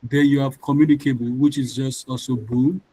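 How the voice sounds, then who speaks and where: A man's voice: mid-range voice, fairly even intonation, a little fast, warm tone, husky, poor audio. A male English tutor teaching an online class over a video call. He is patient and repeats each rule for his students.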